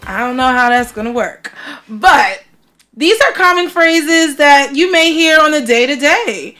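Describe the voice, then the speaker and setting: A bubbly American woman hosts a casual podcast chat with a fairly high voice. Her talk is animated and chatty. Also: a little slow, faint music behind. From United States. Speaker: podcast host.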